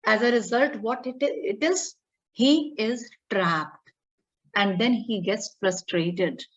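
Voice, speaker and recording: A woman's voice: mid-range voice, takes it slowly. A woman, teaching a class online, repeating her points and checking in with students. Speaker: English teacher. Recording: dull lo-fi audio.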